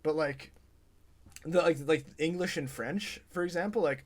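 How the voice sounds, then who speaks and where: A man in casual podcast chat about a film, with a voice a bit higher than most men. He stumbles over his first words and laughs easily. Then he rushes through his point with animated energy. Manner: laughing, halting starts, then fast animated runs. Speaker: podcast co-host.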